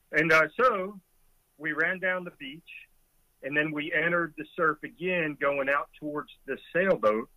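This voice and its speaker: A man's voice: fairly high pitch, no echo, phone-quality sound. A middle-aged man, a former Coast Guard boatswain's mate, vividly retelling a rescue with chuckles as a guest in a conversation. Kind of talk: storytelling in a conversation.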